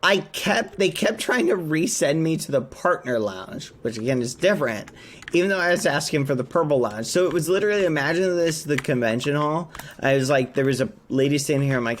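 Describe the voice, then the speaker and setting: Lively, exclamatory male streamer. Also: fairly high pitch, brisk. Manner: animated and exclamatory, avoids swearing. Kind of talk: casual storytelling to stream chat.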